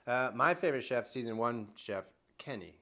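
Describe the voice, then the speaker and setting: A man's voice: medium pitch, expressive, normal speed, pushed and bright. A man co-hosting a casual podcast, talking eagerly and going off on long tangents. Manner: enthusiastic, rambling, tangent-prone. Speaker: podcast co-host.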